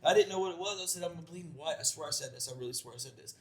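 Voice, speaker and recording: A man's voice: fairly high pitch, racing. A young man co-hosting a podcast, telling a long, profane story in a rambling, laughing way. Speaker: podcast co-host. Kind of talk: casual storytelling chat.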